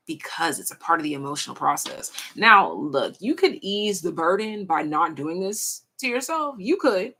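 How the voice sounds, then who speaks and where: A young woman giving a casual pick-a-card tarot reading, frank and slangy, swearing freely and stretching out her pauses. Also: on the low side, big pitch swings, sharp tone, slight background noise. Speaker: tarot reader.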